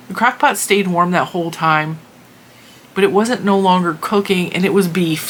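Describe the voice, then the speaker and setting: A middle-aged woman who hosts a crafting channel tells a story casually, her low-ish voice carrying a bright edge. She's animated and exasperated, laughing as she retells it, with faint noise humming in the background.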